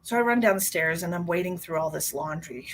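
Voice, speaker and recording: A woman's voice: lowish voice, lively intonation, fairly quick, slight background noise. A middle-aged woman, a psychic medium, chatting casually on a live stream and telling a story. She laughs often and greets viewers by name.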